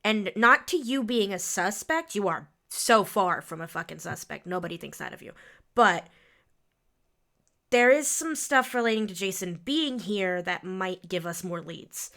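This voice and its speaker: Bright, upbeat woman player. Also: mid-range voice, animated, a little slow. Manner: upbeat, effusive, chatty with fillers. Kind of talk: casual role-play chat.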